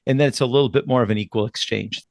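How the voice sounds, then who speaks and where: Midwestern male podcast co-host, calm and instructive, dry close sound, voice at a middling pitch. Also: racing, vocal fry, no room sound. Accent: Upper Midwest American. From Wisconsin. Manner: calm, instructive, acts out sample phrases. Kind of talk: advice podcast discussion.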